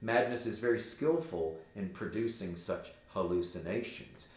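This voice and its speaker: A man's voice: on the low side, moderate pace, a little hiss or hum. A man teaching a class, reading a play aloud and explaining it in a conversational way. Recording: roomy echo.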